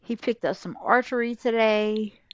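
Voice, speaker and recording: A woman's voice: on the high side, moderate pace, smooth. A woman YouTuber giving chatty, casual gameplay commentary as she retells what her characters did. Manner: chatty, retelling the game's events. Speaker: gaming YouTuber.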